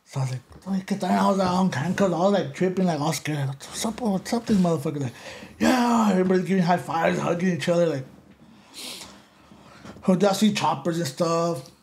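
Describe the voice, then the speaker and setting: Animated, profane man. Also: sits high, brisk, creaky, a little hiss or hum. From Los Angeles area. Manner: animated, profane, switching between English and Spanish. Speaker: podcast guest. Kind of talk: casual storytelling in an interview.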